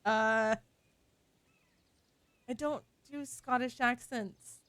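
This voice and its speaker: A woman's voice: on the high side, fairly even intonation, drawn-out words, fairly bright tone, clean tone, dry recording. A woman game streamer chatting casually while she plays, playful and teasing, laughing at herself. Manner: playful, teasing, self-deprecating. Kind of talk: casual live-stream chat.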